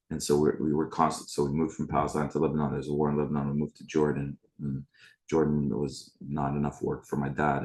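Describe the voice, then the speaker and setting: A man in his forties from the Middle East, hosting a spiritual retreat and casually sharing his life story with a live online group, greeting attendees by name. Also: a bass voice.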